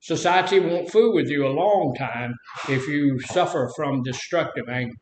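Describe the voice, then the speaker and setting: A man's voice: on the high side, normal speed, a little hiss or hum. An older man telling stories in a rambling, folksy way while teaching about anger in a casual talk. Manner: folksy, rambling storyteller who acts out quotes. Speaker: speaker leading a talk on anger. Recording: echoey room.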